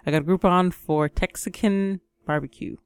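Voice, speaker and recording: A woman co-hosting a casual chat show, talking in a relaxed, giggly way with lots of "like" and "um". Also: lowish voice, moderate pace, clean tone, no room sound. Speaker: co-host.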